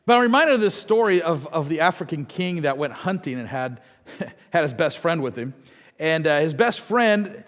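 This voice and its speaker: A middle-aged man from the American Midwest, preaching a sermon with lively storytelling and asides to the congregation. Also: on the high side, quick pace, in a large hall. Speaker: pastor. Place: church sanctuary.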